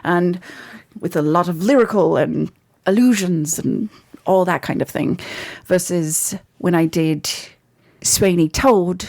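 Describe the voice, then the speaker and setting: Chatty woman with a lowish voice. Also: a little slow, creaky. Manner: chatty, animated, laughs easily. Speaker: guest actress. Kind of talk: casual interview chat.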